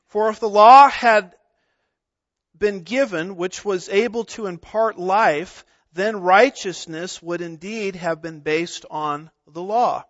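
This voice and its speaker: A man's voice: high voice, a little slow, fairly bright tone, dry recording. A middle-aged man preaching an expository sermon, emphatic, asking rhetorical questions and stressing single words. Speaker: pastor. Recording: dull lo-fi sound.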